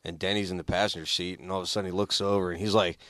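A man's voice: sits low, flat delivery, rapid-fire, fairly bright tone, no room sound, clean studio sound. A man guesting on a radio show, telling road stories with lots of swearing and laughter. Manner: swears freely, laughs through his stories. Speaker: band member guest. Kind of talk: casual storytelling chat.

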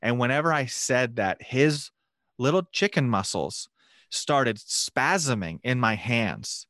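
An animated man recounting a personal story at a quick clip, his voice mid-pitched and plain. The sound is dry and close, with no room around it. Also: no room sound. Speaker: guest telling a mission story. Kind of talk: casual storytelling testimony.

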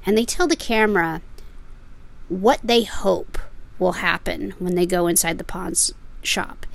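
A woman's voice: lowish voice, measured pace, gravelly. A woman co-hosting a podcast, telling stories in casual chat. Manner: storytelling, animated. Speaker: podcast co-host.

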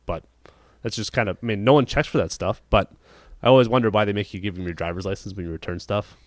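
Fast-talking male podcast host, profane and rambling, recorded dry and close. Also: lowish voice, dry recording. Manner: rambling, profane storytelling with frequent restarts. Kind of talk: casual chat.

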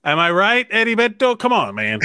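A man hosting a casual comedy podcast, playful and quick with jokes, often repeating words. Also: high voice, sing-song, bright, forceful tone, slight background noise. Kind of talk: casual chat.

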